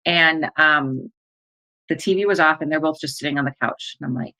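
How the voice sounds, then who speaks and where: A woman with a low, deep speaking voice tells her own story as a podcast monologue. She speaks in an emotional, breathless way, acting out her own and her family's words as she goes. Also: normal speed, bright, forceful tone, poor audio. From American Midwest. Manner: emotional, breathless retelling with quoted dialogue. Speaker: life coach and podcast host.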